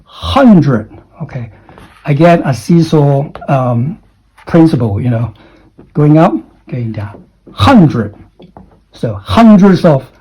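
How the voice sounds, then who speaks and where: A man teaching English pronunciation. He repeats letters and sounds over and over, swings his pitch up and down to show stress, and keeps checking in with "okay?". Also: warm tone, husky, rough recording. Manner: drills sounds by repeating them, with exaggerated rising and falling pitch; frequent "okay?" and "you know" check-ins. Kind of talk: pronunciation lesson.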